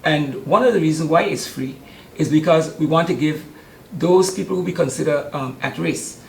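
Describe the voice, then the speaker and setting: Gravelly older man. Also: on the high side, moderate pace, slight background noise. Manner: chatty and warm, often hesitating with ums. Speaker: youth sports camp organizer. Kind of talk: casual interview. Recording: roomy studio sound.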